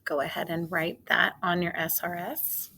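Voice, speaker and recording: A woman teacher giving a phonics spelling lesson for young children, sounding out each word slowly and deliberately. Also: fairly low pitch, level tone, gravelly, sharp tone, husky. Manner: slow, deliberate, sounding out words. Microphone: recorded for a video lesson.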